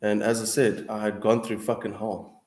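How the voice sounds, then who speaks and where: A man's voice: lowish voice, flat delivery, normal speed, a little mellow. A young man in a casual, heated monologue, swearing often and calling the listener bro and dude. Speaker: streamer answering viewers. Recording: echoey room.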